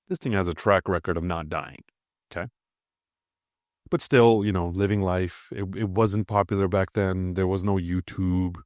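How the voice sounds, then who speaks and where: A man's voice: low voice, unhurried, pauses often, no echo, clean studio sound. A man hosting a crypto channel, talking casually over a price chart with a slightly nasal voice, blunt and swearing, often checking in with "okay?".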